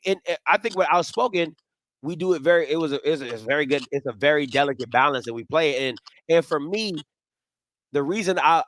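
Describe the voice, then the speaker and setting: A man with a fairly high voice that swoops up and down as he talks sports. His delivery is frank and casual, and he swears without holding back. The sound is dry and close, with no room around him. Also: no echo. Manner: animated, frank, swears freely. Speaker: podcast host.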